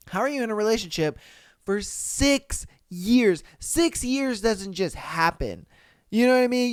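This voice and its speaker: A man's voice: high-pitched, smooth, dry recording, studio quality. A man hosting a podcast, reading posts aloud and reacting in casual, slangy, profane disbelief. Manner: swears freely, incredulous, slangy. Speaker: podcast host.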